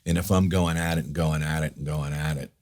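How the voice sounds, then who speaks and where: Low voiced new york guy, swears a lot, restarts sentences, tells long stories on a podcast. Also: brisk. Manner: animated, profane, restarts a lot, acts out quotes. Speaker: guest actor. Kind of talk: storytelling in a casual interview.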